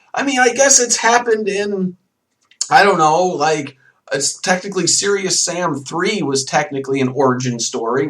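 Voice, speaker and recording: A man's voice: medium pitch, fairly bright tone, far from the mic. A man hosting a solo podcast, ranting animatedly with mocking asides. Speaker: podcast host. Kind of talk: solo rant about a video game.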